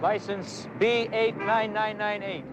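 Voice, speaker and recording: Stern detective, firm and warning, street traffic noise around. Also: male voice, high voice, level tone, slow, muffled recording. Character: stern male police detective, lecturing. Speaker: police detective. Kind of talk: 1970s TV crime drama acting.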